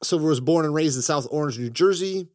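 A man hosting a comedy podcast, joking around and now and then slipping into a gruff put-on accent. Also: on the high side, fast talker, a little mellow, dry recording, studio quality. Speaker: podcast host. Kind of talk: comedic casual chat.

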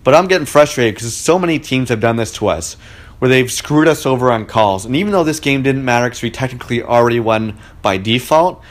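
A man's voice: mid-range voice, brisk. A man telling a story in a casual monologue at home in his living room, talking in a chatty and indignant way. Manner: chatty, indignant, frequent "like" fillers.

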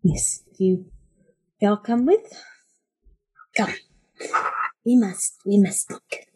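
A woman voicing a tiny, shy male creature who speaks in halting, breathy whispers and repeats short words. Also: mid-range voice, warm tone, heavily acted, rough recording. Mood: urging.

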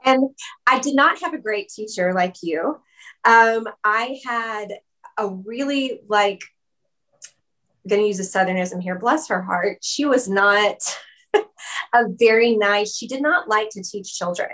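A woman's voice: medium pitch, unhurried, a bit bright. A woman guest speaking in a casual interview, chatty, with many fillers and frequent laughter. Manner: chatty, lots of "like" and "um", laughs often. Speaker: musician guest. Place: video call.

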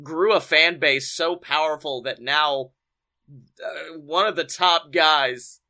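A man co-hosting a casual podcast chat, excitable and swearing freely, acting out quotes with loud outbursts. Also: on the high side, slow pace. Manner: excitable, swears a lot, acts out quotes with big shouts. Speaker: podcast co-host. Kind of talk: casual chat about wrestling.

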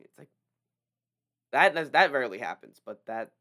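A man's voice: mid-range voice, normal speed. A young man co-hosting a podcast, chatting casually and acting out people's reactions. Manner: animated, acts out quoted reactions. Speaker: podcast co-host. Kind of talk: casual chat.

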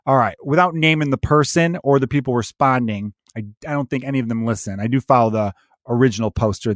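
A man's voice: mid-range voice, no echo, clean studio sound. A man hosting a solo podcast, ranting in a casual, profane, exasperated way. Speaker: podcast host.

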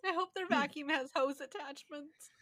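A woman's voice: high voice, moderate pace, a bit bright. A woman co-hosting a podcast in casual chat, making dry, wry remarks and swearing casually. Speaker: podcast co-host.

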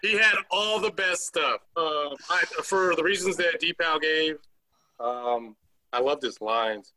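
A man's voice: a little high, slow pace, sharp tone, low-quality recording. A man co-hosting a podcast, chatting casually and hammering his points home by repeating them. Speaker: podcast co-host reviewing a movie. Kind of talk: casual chat.

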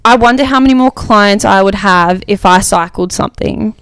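A woman's voice: mid-range voice, moderate pace, smooth, no echo. A young woman, co-hosting a casual fitness podcast, chatty and sarcastic. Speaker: podcast co-host, online coach. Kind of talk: casual chat.

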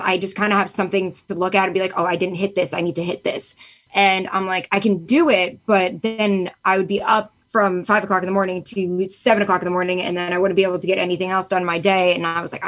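A young woman podcast host telling stories in a loud, animated, profane way during a casual interview. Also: lowish voice. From Italian-American, Sicilian family.

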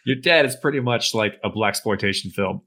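A man's voice: on the low side, brisk, bright, forceful tone, a little hiss or hum. A man co-hosting a podcast, chiming in with reactions and laughing in casual chat. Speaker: podcast co-host.

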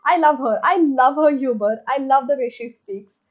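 Young female book vlogger, excitable and gushing, slightly high voice, muffled lo-fi recording. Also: normal speed. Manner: gushing, excitable, many fillers. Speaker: book reviewer. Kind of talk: casual book review vlog. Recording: slightly dull lo-fi audio.

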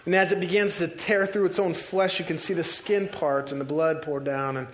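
A male preacher retelling a scripture story vividly, like a film scene, with dramatic pauses. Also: a little high, fairly even intonation.

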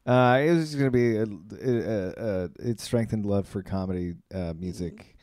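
A man's voice: lowish voice, normal speed, a little mellow, dry recording. A man joking around and firing off guesses in a casual chat with friends.

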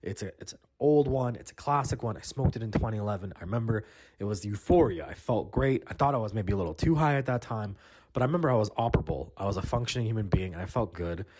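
Man, young adult, podcast comic, profane, rambling, animated pitch. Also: fast talker. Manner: profane, chatty, many restarts and "you know what I mean". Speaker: comedy podcast host.

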